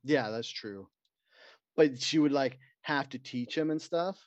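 A man's voice: mid-range voice, a little slow, no echo. A man, co-hosting a podcast in casual banter and spinning crude, joking stories. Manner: crude, joking storyteller who puts on voices. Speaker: podcast co-host. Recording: dry, dull lo-fi sound.

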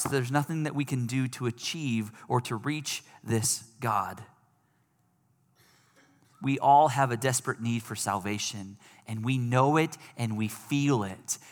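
Guy pastor preaching a sermon, gets loud then hushed, long hall echo. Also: mid-range voice. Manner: animated, swings from loud excitement to hushed intensity. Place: church sanctuary.

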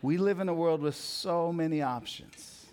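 A young man preaching a sermon as a pastor, conversational and jokey, telling stories, then dropping soft for emphasis. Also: fairly high pitch, moderate pace, clear, resonant tone. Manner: conversational, jokey storytelling with sudden soft drops.

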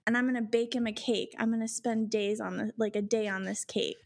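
A woman telling a personal story in casual chat, acting out quotes in higher voices and swearing freely. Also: fairly even intonation, brisk, vocal fry.

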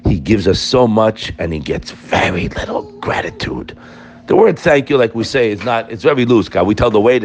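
A man gives an informal Torah class in a medium-pitched voice. He speaks to his listeners directly, and his pitch swings widely as he presses each point. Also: brisk. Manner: animated and emphatic, addressing listeners directly.

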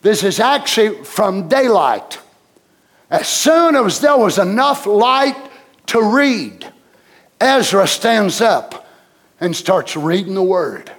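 A man preaching a sermon from the pulpit, pressing his points with repetition and breaking into shouts. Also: high-pitched, very animated, slow, gravelly. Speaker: pastor.

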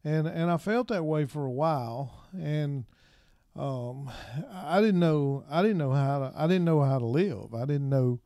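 A middle-aged man and minister, telling his personal story in an interview in a soft, halting way, with many pauses and restarts. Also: on the high side, no echo, clean studio sound.

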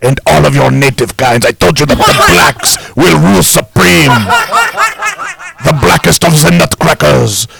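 Dude doing a pompous fake king voice, all grand and formal, kinda gravelly. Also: on the high side, unhurried, over a noisy crowd, pitched above the performer's own voice, low-quality recording. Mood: boastful. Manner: grandiose, formal mock-royal speech. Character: pompous self-crowned king, boastful, mock-regal. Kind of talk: improvised comedy bit.

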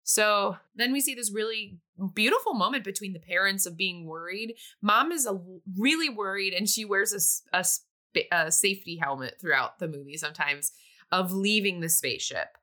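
A woman's voice: medium pitch, animated, normal speed, bright, forceful tone. A woman casually recapping a movie plot in a chatty way, sometimes briefly acting out the characters' lines.

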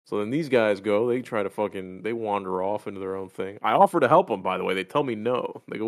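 Podcast host guy, swears a lot, animated storyteller, lowish dry voice. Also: fast, hardly any pauses, dry recording. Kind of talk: casual gaming chat.

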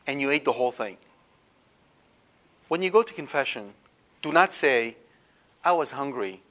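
A man delivers a sermon in a fairly high voice. He speaks emphatically and keeps checking in with his listeners, asking whether they understand. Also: a bit bright. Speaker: preacher.

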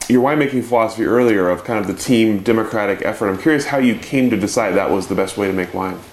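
Quiet man asking questions in a roomy space. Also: fairly low pitch, fast. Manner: brief, quiet questions and acknowledgments. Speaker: interviewer. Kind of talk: interview questions. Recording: roomy, faint noise, off-mic.

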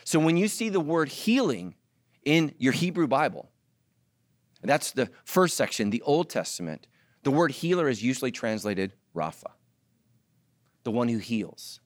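A middle-aged man preaching a sermon with animated delivery and joking asides to the congregation. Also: mid-range voice, a little slow, pauses often, dry recording, clean studio sound. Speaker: pastor.

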